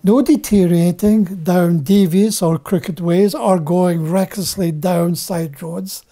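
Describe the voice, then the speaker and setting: A man preaching a Bible teaching sermon, deliberate and repeating key phrases for emphasis. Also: sits high, steady tone, mellow.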